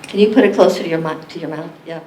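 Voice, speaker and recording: A woman's voice: deep voice, quick pace. A woman leading an interactive community library lecture, joking with the audience and quizzing them. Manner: animated, jokey, questions the audience. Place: library meeting room. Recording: echoey room, distant mic, faint hiss.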